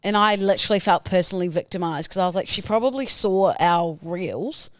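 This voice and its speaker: A woman's voice: fairly low pitch, fairly quick, no room sound, studio quality. Playful woman podcast host from New Zealand. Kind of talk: casual chat.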